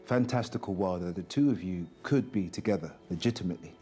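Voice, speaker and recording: An actor playing a thoughtful gentleman who gives measured, reproving advice in a period drama. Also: low voice, soft background music, lightly acted. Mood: sober.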